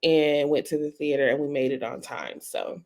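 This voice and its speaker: Animated woman telling family stories. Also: sits low, normal speed, creaky. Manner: animated storytelling, laughs often. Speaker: podcast co-host. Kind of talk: casual chat.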